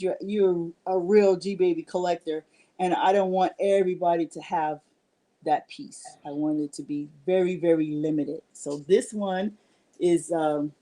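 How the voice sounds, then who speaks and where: A woman's voice: on the low side, mellow. A middle-aged woman casually presenting and pricing her artwork on a livestream, chatty and rambling. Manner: chatty and rambling, with frequent restarts. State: out of breath. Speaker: artist selling her work on a livestream. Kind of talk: casual livestream sales talk.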